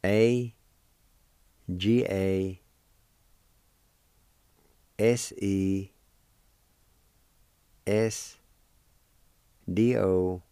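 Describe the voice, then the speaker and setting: A man with a low, mellow voice works through a radio language lesson, spelling each word out one letter at a time. He speaks in an unhurried, deliberate way and encourages his listeners. The sound is dry, with no room around it. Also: smooth, no room sound. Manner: encouraging and patient.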